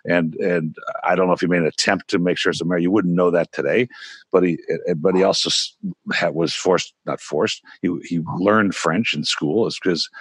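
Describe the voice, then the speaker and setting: Man, interview host, chatty, rambling, lowish voice, dry sound. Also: fairly even intonation, brisk, fairly bright tone, breathy edge, dry recording. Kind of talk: casual interview.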